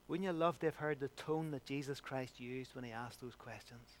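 A man preaching a sermon with emphatic delivery, rising loud and dropping to a hush. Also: medium pitch, normal speed, hardly any pauses, a little hiss or hum.

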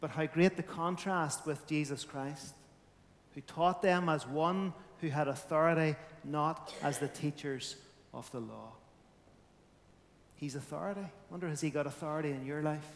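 Man preaching, high voice, loud then quiet, long hall reverb. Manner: emphatic, rising and falling in volume. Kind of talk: sermon.

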